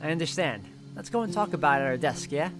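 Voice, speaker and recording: A man voicing a brisk, sharp-tongued woman librarian nun with a curt manner, over background music. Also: fairly high pitch, lively intonation. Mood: gentle, apologetic. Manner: curt and cutting, then softly apologetic.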